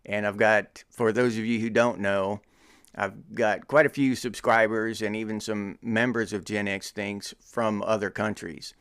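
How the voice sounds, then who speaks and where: A man's voice: lowish voice, fairly even intonation, a little slow, a bit bright, clean tone, no room sound, clean studio sound. A middle-aged American man hosting his own show, teasing and joking in casual commentary with frequent chuckles. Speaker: podcast host.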